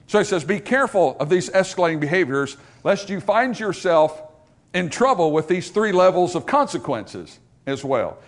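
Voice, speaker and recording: A man preaching a sermon as a pastor at a church service, animated and full of joking asides. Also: high voice, normal speed.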